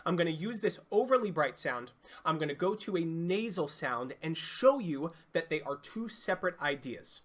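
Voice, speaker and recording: A singing coach giving an online vocal lesson, explaining clearly and demonstrating sounds. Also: medium pitch, lively intonation, normal speed.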